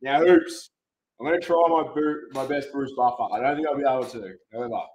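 A man's voice: mid-range voice, brisk, a little mellow, a little hiss or hum. A young man hosting a livestream card break, boisterous and swearing, with announcer-style hype. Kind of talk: hyped livestream commentary.

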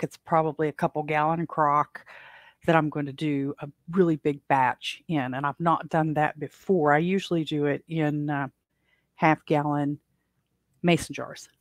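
In this casual solo chat, an American woman podcast host rambles along, full of fillers and false starts. Her voice is low, and the recording has no echo.

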